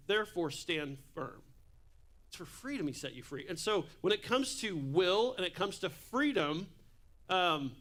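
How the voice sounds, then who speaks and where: A man preaches a relaxed, humorous sermon, full of asides and stories. His voice sits high and rings bright and clear. He is in a church. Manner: casual, jokey preaching with asides. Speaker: pastor.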